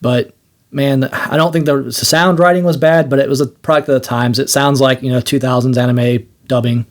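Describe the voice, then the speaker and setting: A man's voice: medium pitch, fairly even intonation, fairly quick. A young man co-hosting a gaming podcast, chatting casually, swearing and joking around. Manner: swears, jokes, acts out silly voices. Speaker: podcast co-host. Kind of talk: casual chat.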